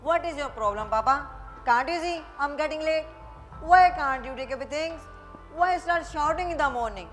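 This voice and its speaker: A woman's voice: sits high, natural voice. A young woman playing a schoolboy who scolds his father, then speaks earnestly, in a school stage play. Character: rude schoolboy son, later wise. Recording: echoey hall with music.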